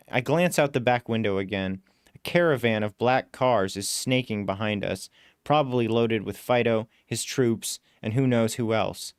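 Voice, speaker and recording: A man narrating a first-person story aloud in a steady, matter-of-fact way. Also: mid-range voice, clear, resonant tone, no room sound, clean studio sound. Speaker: story reader.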